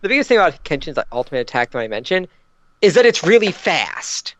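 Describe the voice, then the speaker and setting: A man's voice: a little high, very animated, fast, a bit bright, muffled recording. A man narrating a story aloud with sarcastic asides. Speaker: narrator and host. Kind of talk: comedic dramatic reading.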